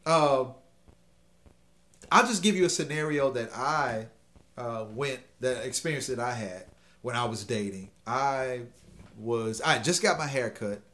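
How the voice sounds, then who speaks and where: A middle-aged man hosts, sharing a dating story in a loose, conversational way. His voice sits at an ordinary pitch, and he keeps checking in with "okay?" and "you know.". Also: measured pace. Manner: animated, checks in often with "okay?". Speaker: host giving dating advice. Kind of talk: casual storytelling advice talk.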